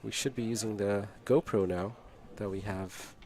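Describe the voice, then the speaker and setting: A man giving steady play-by-play of a pool match on a casual live stream and reading viewer chat aloud. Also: fairly low pitch, normal speed.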